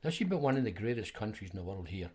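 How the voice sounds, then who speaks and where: A man's voice: fairly low pitch, very animated, quick pace, a little mellow, breathy edge. Chuckling older Scottish man telling stories. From Scotland. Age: 70s. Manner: rambling anecdotes with frequent chuckles and restarts. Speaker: podcast guest. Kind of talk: casual storytelling conversation.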